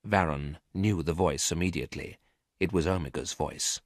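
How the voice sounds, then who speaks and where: A man narrating a graded story for English learners, reading clearly and carefully. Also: low voice, normal speed, no echo, studio quality.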